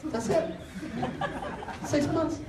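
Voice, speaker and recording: A man's voice: extremely high pitch, extremely slow, heavy background noise. A man doing improvised stand-up crowd work, teasing the audience with brash, profane jokes and frequent laughter. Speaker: stand-up comedian. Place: comedy club stage. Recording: echoey club, distant, loud crowd. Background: audience laughter and chatter.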